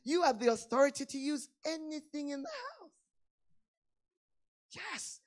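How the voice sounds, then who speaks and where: A woman preaching a sermon, swinging between hushed lines and loud emphatic ones, acting out little everyday dialogues. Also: high voice, big pitch swings, a little slow. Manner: acts out little dialogues in plain voices.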